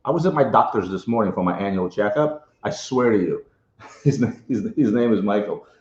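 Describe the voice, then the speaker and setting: A man's voice: on the low side, expressive. A middle-aged man from Ukraine giving a casual interview, emphatic, often tagging "right?" onto his points. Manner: fast, emphatic, keeps adding "right?". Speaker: interviewee, sneaker collector. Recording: roomy, dull sound.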